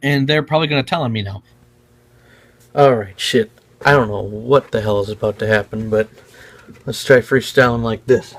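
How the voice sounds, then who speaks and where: A man's voice: medium pitch, moderate pace, pauses often. A man ranting casually and freestyle rapping at home, profane and rambling. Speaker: freestyle rapper. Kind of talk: casual rant and freestyle rap. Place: indoors at home.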